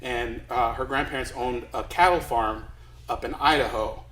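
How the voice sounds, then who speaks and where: A man's voice: medium pitch, normal speed, fairly bright tone, roomy sound, rough recording. A man from Los Angeles telling a comic story to a live crowd, chatty and self-deprecating, rambling along. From Los Angeles, USA.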